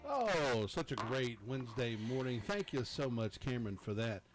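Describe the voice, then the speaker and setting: A man's voice: medium pitch, animated, normal speed, soft background music. A man, hosting a local morning radio show and chatting casually with his co-host. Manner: easygoing, chatty, laughs often. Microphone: studio microphone.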